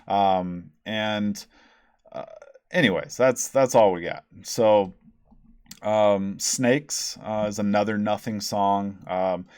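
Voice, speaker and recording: Rambling, sarcastic man with a low voice. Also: darkish tone, no echo, clean studio sound. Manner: rambling, sarcastic, with many ums and restarts. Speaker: podcast host reviewing albums. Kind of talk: casual, profane album review.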